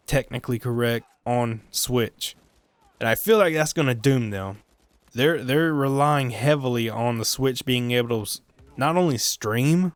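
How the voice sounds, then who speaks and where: A man's voice: mid-range voice, clear, resonant tone, no echo. A man giving rambling solo commentary on gaming news in a video, joking at his own expense, drifting off topic and stumbling over his words. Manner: joking, self-mocking, sidetracked asides; stumbles and restarts often.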